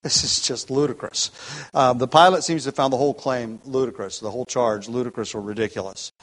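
A man's voice: mid-range voice, fairly even intonation, quick pace, rough recording. A man teaching the Bible, explaining at length and thinking aloud with frequent restarts.

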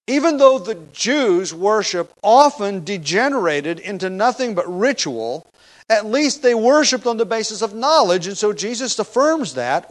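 A man's voice: high-pitched, big pitch swings, unhurried, low-quality recording. A man preaching an expository sermon, teaching from a passage with emphatic stress on key words and occasional fillers and restarts.

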